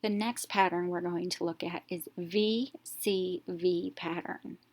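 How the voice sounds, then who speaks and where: A woman teacher giving a step-by-step phonics lesson, slowly sounding out letters one at a time. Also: lowish voice, steady tone.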